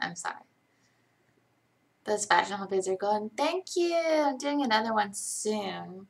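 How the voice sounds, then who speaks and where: Late at night, a young livestream host answers questions from home in a chatty, rambling, self-deprecating way. Her voice is medium-pitched, gravelly, and fairly bright.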